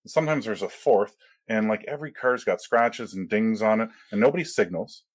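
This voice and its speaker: A man's voice: on the low side, expressive, fairly quick, no room sound. A middle-aged Canadian man, a travel blogger guest on a podcast, telling travel stories in casual chat and acting out the locals' voices. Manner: storytelling, acts out locals' voices.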